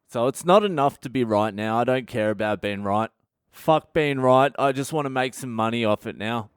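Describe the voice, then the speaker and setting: A man's voice: medium pitch, moderate pace, clear, resonant tone, no room sound, clean studio sound. A middle-aged Australian comedian hosting his own podcast, telling stories in a profane, ranting, self-mocking monologue. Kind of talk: comic storytelling monologue.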